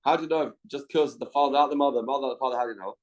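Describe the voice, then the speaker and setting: A man's voice: medium pitch, rapid-fire, poor audio. A man teaching a Talmud class as a rabbi, reasoning aloud and repeating his key questions. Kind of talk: Talmud study lecture. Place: study hall.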